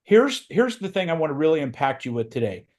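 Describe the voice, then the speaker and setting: Emphatic man coaching with a slightly high voice. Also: sing-song, fairly quick, darkish tone. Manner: emphatic, repetitive motivational phrasing. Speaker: real estate recruiting coach. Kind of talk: motivational training talk.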